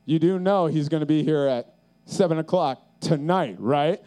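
A man putting on a puzzled adult security guard who speaks in a voice dropped well below his own. The guard asks flat, skeptical questions and sounds loud and unimpressed. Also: fairly high pitch, normal speed, clear, resonant tone, pitched below the performer's own voice, natural voice.

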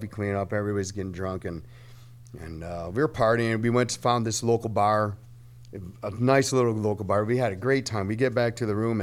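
Animated man telling a wild road story. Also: fairly low pitch. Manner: animated, swearing, laughing through his story. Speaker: band member guest. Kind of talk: storytelling in casual chat.

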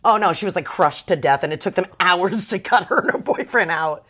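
A woman's voice: fairly low pitch, a little fast, fairly bright tone. A woman co-hosting a casual book discussion, chatty and profane as she recaps the plot. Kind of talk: casual chat.

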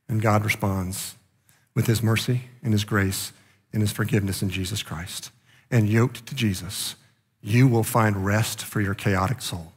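A male pastor preaching a sermon with passion, rising loud and then dropping quiet. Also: on the low side, fairly even intonation, a little slow, husky, in a large hall.

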